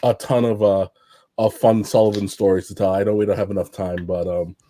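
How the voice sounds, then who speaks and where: On a wrestling podcast panel, a man with a fairly low voice and no echo speaks fairly quickly, swapping stories in casual conversation. His delivery is rambling and full of fillers and restarts, and he gets animated, acting out quotes loudly.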